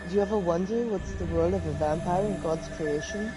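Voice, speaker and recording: A woman voicing a calm, knowing, old-fashioned male vampire in a tabletop game. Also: lowish voice, fairly quick, music in the background, lightly acted, rough recording.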